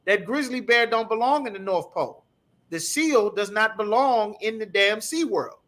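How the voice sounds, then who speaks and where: High, bright-voiced man teaching scripture. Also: normal speed. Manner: emphatic, profane, repetitive. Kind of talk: heated scripture breakdown.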